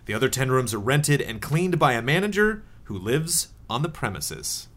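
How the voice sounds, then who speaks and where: A man's voice: medium pitch, sing-song, moderate pace, fairly bright tone. A man in a casual tabletop game chat, reading the setup text aloud in a dry tone.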